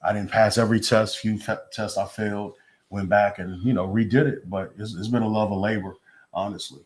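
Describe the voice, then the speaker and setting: Man, fairly deep voice, laid-back storyteller, casual interview guest. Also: brisk. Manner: relaxed, low-key storyteller.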